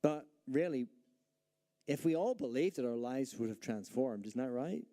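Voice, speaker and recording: A man's voice: medium pitch, lively intonation, moderate pace, dark tone. A man preaching a sermon as pastor, emphatic, asking the congregation rhetorical questions and acting out their doubts. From Northern Ireland.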